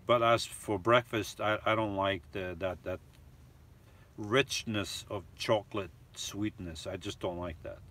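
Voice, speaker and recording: A man's voice: lowish voice, steady tone, measured pace, bright, forceful tone, slight background noise. A man hosting a live stream from a camper van, reading viewer comments aloud and chatting about them in a loose, rambling way.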